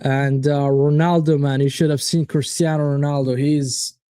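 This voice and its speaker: A man's voice: a little high, moderate pace, clear, resonant tone, no room sound. A man hosting a live football watchalong, chatting casually, swearing and reacting to viewers' predictions. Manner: animated, swearing, reads out chat predictions. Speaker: watchalong host.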